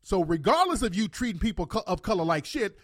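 Profane man ranting in a high voice. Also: big pitch swings, fast talker, fairly bright tone, no echo, clean studio sound. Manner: blunt, profane, heated. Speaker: vlogger. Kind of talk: ranting reaction commentary.

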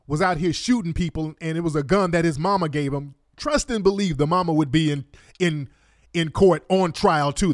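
A man reacts to court footage with indignant, mocking and profane commentary. His voice sits a little high for a man and is recorded close and dry. He talks straight at his viewers, stopping and starting as he cues up clips. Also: dry recording. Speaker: online commentator.

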